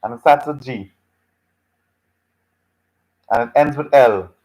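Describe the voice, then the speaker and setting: A man's voice: mid-range voice, takes it slowly, a little mellow, poor audio. Repetitive, teasing male lecturer. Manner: patient and teasing, repeats phrases over and over. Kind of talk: live online class, reacting to student chat answers.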